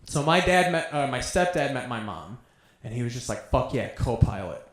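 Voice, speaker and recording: A man tells crude, casual stories on a comedy stage. His voice sits at a middle pitch, and it carries a roomy, echoing club sound. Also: animated, moderate pace, fairly bright tone. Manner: crude, conversational storytelling. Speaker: stand-up comedian. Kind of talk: stand-up comedy set.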